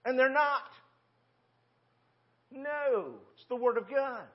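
A man's voice: extremely high pitch, slow pace, lo-fi sound. A man in his sixties preaching a sermon in a church, in a folksy, conversational way full of rhetorical questions. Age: 60s. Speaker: pastor. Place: church sanctuary.

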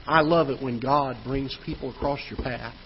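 A man, a pastor, preaching a sermon in a church auditorium, telling a personal story in a conversational way, growing loud at the frustrating parts. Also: mid-range voice, steady tone, normal speed. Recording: dull church livestream audio with faint noise.

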